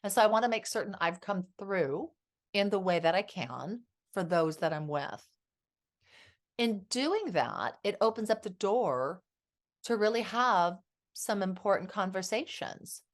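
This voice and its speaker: A woman's voice: mid-range voice, animated, a little slow. A middle-aged woman, a therapist guest on a podcast, telling stories and acting out the quotes. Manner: warm storytelling with acted quotes. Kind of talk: podcast conversation.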